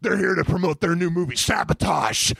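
A man's voice: sits high, a little fast, creaky, a bit bright, breathy edge, no room sound, clean studio sound, pitched above the performer's own voice, exaggerated voice. A man doing an impression of a brash male pro-wrestler who boasts and calls everyone brother. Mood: showy.

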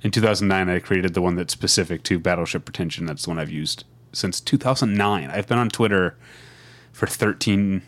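A man in his forties with a Midwestern American accent co-hosts a casual podcast, his deep, fairly bright voice moving a little fast. He rambles and interrupts himself with frequent restarts, laughing easily along the way.

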